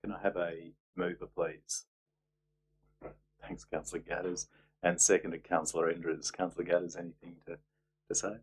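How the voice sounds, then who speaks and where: A man's voice: low voice, level tone, moderate pace, long pauses, background noise. A man chairing a council meeting as mayor, businesslike with dry asides.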